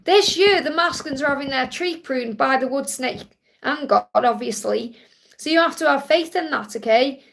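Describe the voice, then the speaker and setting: A woman's voice: high-pitched, moderate pace, vocal fry, a bit bright. A woman hosting a live tarot reading stream, answering viewers' questions in a reassuring, affectionate way and speaking to them directly. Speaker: tarot card reader and live stream host.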